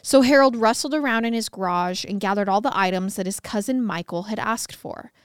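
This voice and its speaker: A woman narrates a true-crime case for a podcast in a conversational tone, slipping in wry little asides. Her voice is smooth and clear and sits at a mid-range pitch. The recording is dry and close, with no room sound. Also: fairly quick, no echo. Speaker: podcast co-host.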